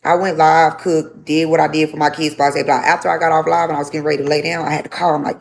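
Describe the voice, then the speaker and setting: A woman's voice: low-pitched, flat delivery, fast, vocal fry, few pauses. A young woman telling her story to a livestream audience, speaking bluntly with lots of swearing and repetition.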